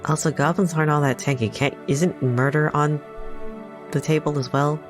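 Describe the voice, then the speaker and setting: A woman chatting casually on a podcast, making dry, deadpan remarks. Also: low voice, normal speed, faint music behind. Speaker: player.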